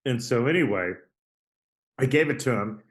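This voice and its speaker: A man's voice: mid-range voice, lively intonation, normal speed, fairly bright tone. A man, an artist guest on an interview podcast, telling stories in a chatty, rambling way, often checking in with "right?". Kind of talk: casual storytelling interview.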